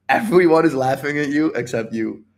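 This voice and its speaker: A man in casual livestream talk as a dating coach, blunt and animated, repeating phrases and swearing freely. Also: on the high side. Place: home livestream.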